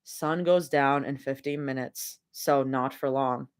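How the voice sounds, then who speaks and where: A woman voicing a calm, protective young partner in a fanfic read-aloud, speaking low, gentle and soothing. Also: measured pace.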